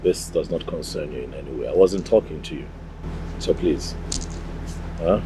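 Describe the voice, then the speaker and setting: An actor with a Nigerian accent playing an earnest older prince who complains with indignation. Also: male voice, a bass voice, moderate pace, noisy background. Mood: indignant. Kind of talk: film drama acting.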